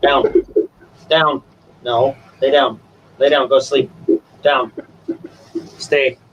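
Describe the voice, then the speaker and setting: A man hosting a casual stream and giving his dogs coaxing commands, jumping to high sing-song calls. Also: steady tone, very slow, lo-fi sound. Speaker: stream host. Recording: distant from the mic. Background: dogs, faint room noise.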